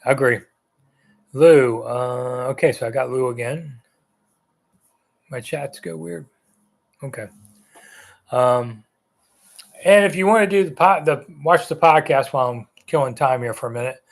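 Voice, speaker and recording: A man in his sixties hosting a live sports chat, answering viewer comments in a loose, rambling way. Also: medium pitch. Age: 60s. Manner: rambling, conversational, with frequent ums and uhs. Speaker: sports talk host.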